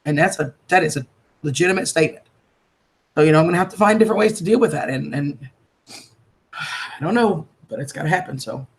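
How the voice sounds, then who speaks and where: She speaks very fast in a low voice, a livestreamer keeping up casual, heartfelt chatter and addressing her viewers as darling and sweetheart.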